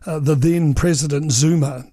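A man's voice: on the high side, fairly even intonation, normal speed, dark tone, no echo, studio quality. A man, a veteran political journalist telling anecdotes in an interview, chatty and full of ums and uhs.

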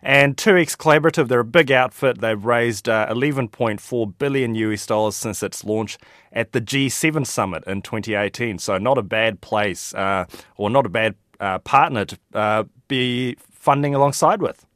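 Chuckling New business reporter. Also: male voice, mid-range voice, moderate pace, fairly bright tone, no echo, studio quality. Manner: laughs often, fills with "uh" and "look". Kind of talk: radio business report with banter.

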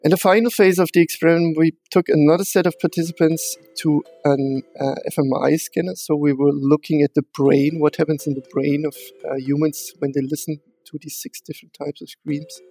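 Guest researcher, male, slightly higher voice, careful and halting. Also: little pitch movement, warm tone, soft background music. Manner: measured, hesitant with many fillers and restarts. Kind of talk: explaining research in an interview.

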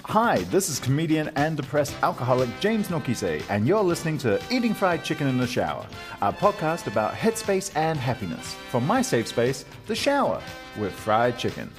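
A man hosting a casual podcast chat, playful and quick to laugh. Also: on the high side, big pitch swings, over music. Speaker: podcast host.

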